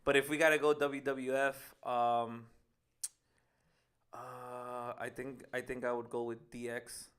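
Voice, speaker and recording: A man's voice: mid-range voice, level tone, slow pace, fairly bright tone, smooth. A man chatting casually in a laid-back way, mixing in Spanish phrases. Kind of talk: casual chat.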